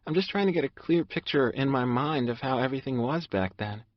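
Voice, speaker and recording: A male narrator voicing a gentle, caring young woman who speaks softly and apologetically. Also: mid-range voice, lively intonation, brisk, dry recording, lo-fi sound, voice pushed up, close to an everyday voice. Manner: soft, hesitant, apologetic.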